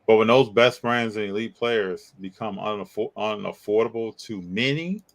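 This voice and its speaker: Animated man reading live chat. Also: moderate pace, low-quality recording. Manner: animated, teasing, pitch jumps up when joking. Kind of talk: casual live-stream sports chat.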